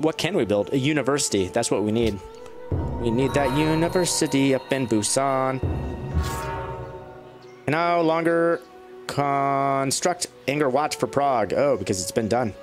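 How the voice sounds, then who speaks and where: Man, casual gameplay commentary, average pitch, talks to his units, excited jumps in pitch, faint game music behind. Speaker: let's play gamer.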